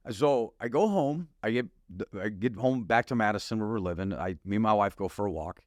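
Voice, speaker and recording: Animated middle-aged man telling a story. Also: fairly low pitch, fairly quick, no echo, studio quality. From Wisconsin, US. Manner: animated, laughs often, acts out dialogue. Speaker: guest pastor. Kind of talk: storytelling testimony.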